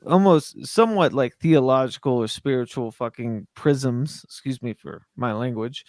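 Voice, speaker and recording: A man's voice: medium pitch, darkish tone, no echo, studio quality. A man talking in a casual chat who rambles and stumbles over his words while he tries to explain an idea. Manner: rambling and halting, apologetic.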